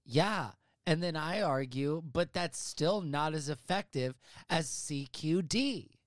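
A man's voice: a little high, lively intonation, takes it slowly, dry recording, studio quality. A man hosting a casual comedy movie podcast from a home office, talking in a profane, hyperbolic, rambling way. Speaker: podcast host.

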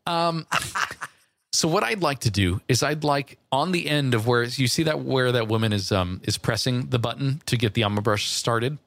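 A man co-hosting a podcast, casually bantering and eagerly pitching silly ideas. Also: moderate pace, gravelly, fairly bright tone, no echo. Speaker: podcast co-host.

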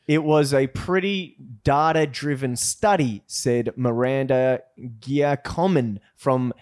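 A man's voice: medium pitch, slow, darkish tone. A man hosting a casual podcast, rambling and restarting his sentences as he explains things. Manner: restarts often, rambling, laughing banter. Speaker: podcast host.

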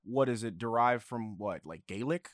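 A man's voice: medium pitch, expressive, normal speed, no echo, studio quality. Easygoing male podcast guest. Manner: easygoing, hesitant, many fillers. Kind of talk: casual podcast chat.

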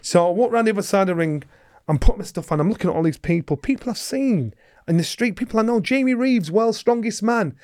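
Animated man telling a story. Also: sits high, fast. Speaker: guest, former boxing world champion.

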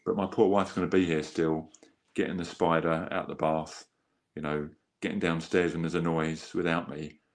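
A man's voice: sits low, flat delivery, normal speed. A man telling his story as a guest in an earnest, rambling way, often restarting sentences and acting out quotes. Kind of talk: candid conversational storytelling.

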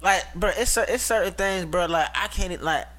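A man's voice: high voice, fairly quick, a bit bright. A young man in casual podcast chat, rambling and packing his talk with filler words.

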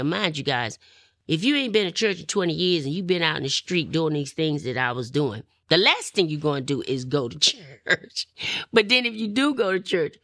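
A middle-aged woman, telling her personal testimony in an animated way and acting out what others said. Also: low-pitched, dry recording, clean studio sound. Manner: animated, acts out quoted voices, laughs often. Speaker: testimony speaker.

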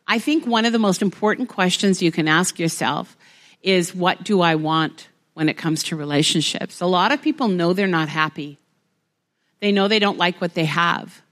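A woman pastor with a lowish, fairly bright voice preaches a sermon to a congregation in a church hall. She speaks plainly and builds to emphatic exhortation.

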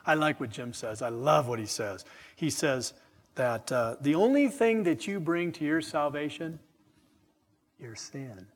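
A middle-aged man preaching at a deliberate, unhurried pace, leaning hard on key words and turning aside to chat with the congregation. His voice sits a little high for a man and carries a long reverb through a church hall. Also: expressive. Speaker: pastor. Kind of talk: sermon.

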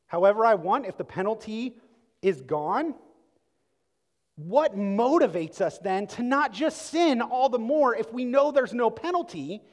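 A male pastor delivers a sermon in a high, bright-pitched voice. He preaches conversationally, leaning hard on emphatic phrases and rhetorical questions. The sound carries a long reverb from a large hall.

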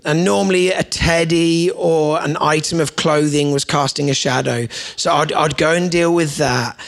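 A man gives a sermon in church, his slightly high voice carrying a gravelly edge. He tells family stories with playful asides and light humour, and now and then does lively voices for his children. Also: normal speed, hardly any pauses. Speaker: guest pastor.

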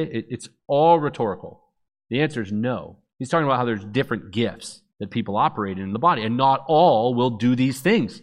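Animated man telling his testimony. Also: mid-range voice, fairly quick. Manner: animated storyteller acting out dialogue. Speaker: speaker giving testimony. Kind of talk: personal testimony talk.

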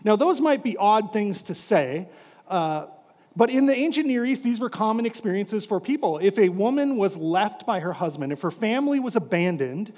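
High-voiced man preaching in an echoing hall. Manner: earnest preaching, voices God with dramatic drops in pitch and volume. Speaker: pastor. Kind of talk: sermon. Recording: reverberant hall.

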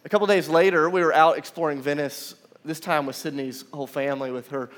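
A man's voice: on the high side, fairly quick. A young man preaching a conversational sermon in a large church room, telling stories with casual asides. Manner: animated storytelling, casual asides. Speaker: pastor. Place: large church room with about seven hundred seats.

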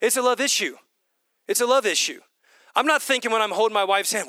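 A middle-aged man preaching with a high, bright voice. He drives his points home by repeating short phrases. The sound is close and dry, with no room echo. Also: a little fast. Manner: animated preaching, repeats lines for emphasis. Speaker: pastor. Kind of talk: sermon.

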